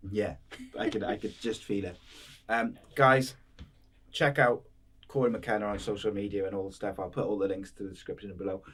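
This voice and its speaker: A man hosting a podcast interview, relaxed and meandering with many "um"s. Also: lowish voice, brisk. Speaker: podcast host. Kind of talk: casual interview chat.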